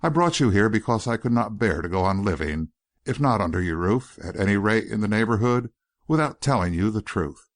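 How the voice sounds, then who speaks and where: A man reading an audiobook voices an earnest, courteous young gentleman who pleads politely and persistently. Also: fairly low pitch, expressive, fairly quick, lightly acted.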